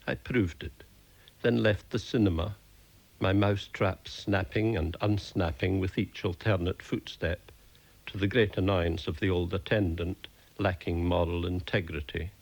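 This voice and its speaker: Male storyteller, deadpan comic reading, husky low voice with plenty of fry. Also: unhurried. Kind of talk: reading his own comic short stories.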